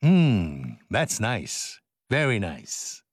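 A man's voice: fairly low pitch, sing-song, drawn-out words, dry recording. An older man hosting a radio show, bantering playfully through studio outtakes, joking, laughing and breaking into silly song.

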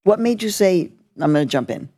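A woman's voice: fairly low pitch, expressive, fairly quick, dark tone, breathy edge. A woman hosting a live interview in front of an audience, chatty and joking. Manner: chatty, bubbly, joking, mixes in Spanish. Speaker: radio host. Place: live event space with an audience.

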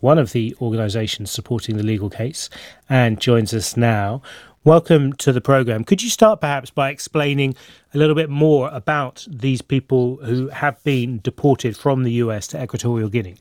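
A man presenting a radio news programme, introducing stories and a guest with clear, brisk scripted delivery. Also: medium pitch, darkish tone, dry recording, clean studio sound.

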